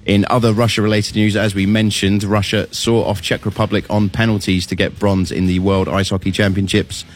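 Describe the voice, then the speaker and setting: A man reading a sports news rundown in a steady, matter-of-fact way. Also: lowish voice, a little fast, faint music behind. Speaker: news reader on panel.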